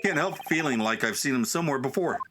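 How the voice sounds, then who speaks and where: A man's voice: medium pitch, lively intonation, quick pace, noisy background, lightly acted. A man voicing an anxious young lawyer in a game read-through, wry and fretful. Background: game music.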